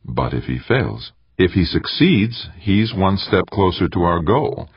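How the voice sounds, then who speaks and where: A deep-voiced man voicing a calm, manipulative woman. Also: measured pace, husky, no room sound, full character voice. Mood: coolly persuasive. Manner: cool and coaxing. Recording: dry, dull lo-fi audiobook recording.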